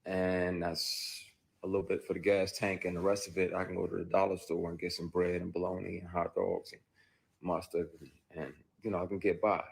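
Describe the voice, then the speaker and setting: Man, low husky voice, emphatic, profane, candid interview storytelling. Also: level tone, brisk. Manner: emphatic, profane, recounting with acted outbursts.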